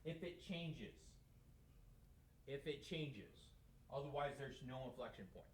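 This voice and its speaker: A man's voice: mid-range voice, unhurried, a little hiss or hum. Man teaching, echoey classroom. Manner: conversational, asks questions and answers them himself. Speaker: math teacher. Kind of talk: classroom lecture. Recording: echoey room.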